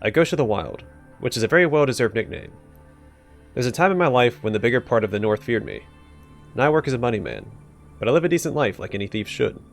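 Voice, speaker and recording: Voicing an old male thief turned loan shark for a video game, a man swaggers through breezy slang that turns to threats. He pitches it a bit above his natural voice, lively and gravelly, talking fast over faint background music.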